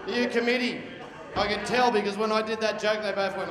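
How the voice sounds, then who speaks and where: A man's voice: sits high, steady tone, normal speed. A man in his forties with an Australian accent doing a crude stand-up routine, teasing the crowd. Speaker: stand-up comedian. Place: large function hall. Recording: echoey hall, loud crowd.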